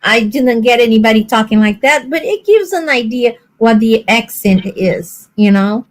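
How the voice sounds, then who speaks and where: Brazilian lady chatting on a stream, really high voice, animated and laughing a lot. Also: normal speed. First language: Portuguese. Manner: animated storyteller, laughing often. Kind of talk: casual chat.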